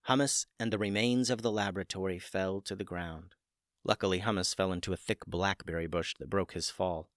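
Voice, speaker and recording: A man narrating a children's story in a gentle storytelling manner, building the excitement through its dramatic parts. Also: low-pitched, fairly quick, dry recording, studio quality. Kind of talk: scripted narration.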